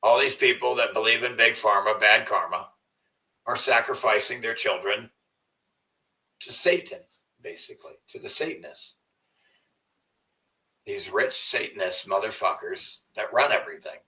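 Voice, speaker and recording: A man's voice: fairly low pitch, normal speed, long pauses, sharp tone, distant mic, poor audio. A man hosting a livestream in a rambling, profane way, often trailing off into mumbles. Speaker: livestream host. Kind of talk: casual livestream rant.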